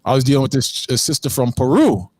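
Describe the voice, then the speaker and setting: A man's voice: medium pitch, fast, a little hiss or hum. A man in a casual religious discussion, telling stories in an emphatic way. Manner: animated storytelling, emphatic.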